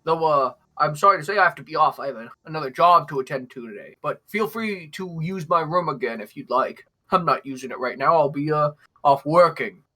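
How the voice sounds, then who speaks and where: A man voicing a friendly male lodger who talks quickly with small stammers. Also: fairly high pitch, expressive, sharp tone. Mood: cheery.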